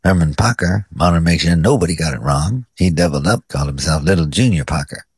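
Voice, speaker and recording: A man's voice: low voice, expressive, fairly quick, breathy edge, no echo. A man hosting a radio music show, introducing records with dry, wry narration. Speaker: radio host.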